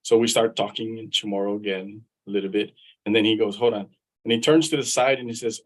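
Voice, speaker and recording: On a rough-sounding video call, a middle-aged attorney and veteran from Guam tells personal stories in a live interview. His voice sits lowish, moves quickly, and keeps a fairly even intonation, and he chats casually, repeating words as he thinks.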